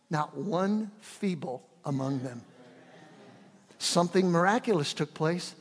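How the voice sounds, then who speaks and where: A man preaching in a church, his voice high and passionate. He swings between loud, fervent peaks and soft, prayerful stretches. The sound carries the long reverb of a large hall. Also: lively intonation, slow pace, slightly rough. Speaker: pastor. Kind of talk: sermon. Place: church sanctuary.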